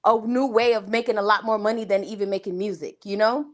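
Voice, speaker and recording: A woman co-hosting a casual talk radio show, speaking in a thoughtful, measured way with frequent pauses. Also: mid-range voice, fairly even intonation. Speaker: co-host.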